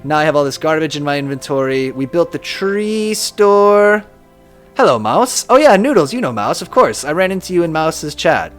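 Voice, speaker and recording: A young man with a slightly high, animated voice plays a game on stream at a moderate pace, soft music behind him. Casual and self-deprecating, he laughs often while reading his viewers' chat aloud.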